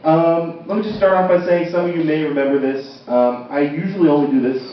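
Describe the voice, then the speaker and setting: A man's voice: fairly high pitch, steady tone, fairly quick, background noise. A young man performing a stand-up comedy set on a university stage, self-deprecating and conversational, with frequent ums. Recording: roomy, distant, dull, audience laughter. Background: audience laughter.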